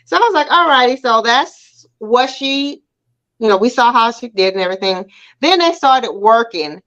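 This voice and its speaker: A talkative woman co-hosts a relaxed show chat, often slipping into quoted inner thoughts. Her voice sits a bit high. The sound is dull and lo-fi, as over a video call. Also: moderate pace. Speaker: talk show co-host. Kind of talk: casual chat about TV shows.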